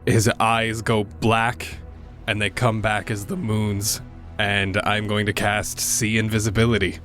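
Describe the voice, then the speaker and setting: A man describing his character's moves in a tabletop game. His voice is low and flat, and he reads rules in a matter-of-fact way, with faint music behind. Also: measured pace. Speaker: player. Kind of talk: tabletop play, describing actions.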